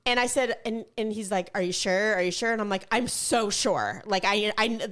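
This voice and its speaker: A woman's voice: medium pitch, moderate pace, a bit bright. A woman co-hosting a podcast, retelling her own stories dramatically in casual chat with her sister, often laughing. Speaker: podcast co-host.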